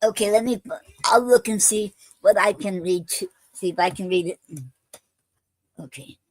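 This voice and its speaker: A woman hosting a poetry livestream who invites guests to read, then recites her own poems in an unhurried way, with plenty of fillers and pauses between them. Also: medium pitch, poor audio.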